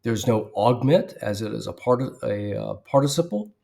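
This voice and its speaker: A man teaching verse by verse in a methodical way, pausing to spell out letters and often clearing his throat mid-sentence. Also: lowish voice, expressive, a little mellow.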